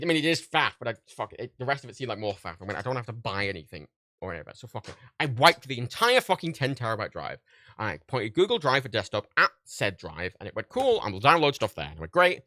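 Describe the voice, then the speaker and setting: A man's voice: mid-range voice, bright, forceful tone, no room sound, clean studio sound. A man streaming live, telling a story in a casual, profane rant and acting out quoted exchanges in other voices. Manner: profane, exasperated ranting storyteller. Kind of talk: casual livestream chat.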